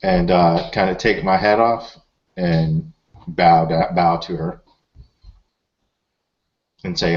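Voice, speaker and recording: A man's voice: sits low, fairly even intonation, slow, pauses often, darkish tone. A middle-aged man playing a tabletop role-playing game, hesitant with many fillers. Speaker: player. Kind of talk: tabletop role-play, in and out of character. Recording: slightly muffled lo-fi recording.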